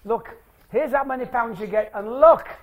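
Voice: medium pitch, normal speed. A stage presenter doing maths tricks live for an audience in a hall, playful and jokey as they draw the crowd in.

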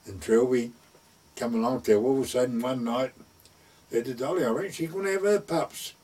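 Older man, husky, rambling "he said, I said" anecdote, distant recording. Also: medium pitch, brisk, a little mellow. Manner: rambling retelling full of "I said, he said". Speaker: storyteller. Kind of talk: casual reminiscing anecdote.

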